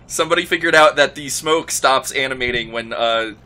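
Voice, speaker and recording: A man's voice: mid-range voice, a little fast, sharp tone. A young man playing through a game and chatting casually, with easygoing, wry asides. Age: young adult. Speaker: let's player. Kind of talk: casual gaming banter.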